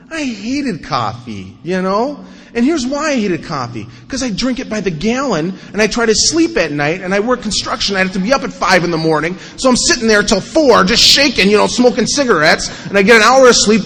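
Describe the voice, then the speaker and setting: Guy telling his aa story up on stage, high voice, lots of hall echo, does goofy voices for people. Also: fairly quick. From North Dakota. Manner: animated storytelling, acts out quotes in mocking voices. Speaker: AA speaker sharing his story. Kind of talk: recovery talk to an audience. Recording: live recording in a reverberant hall.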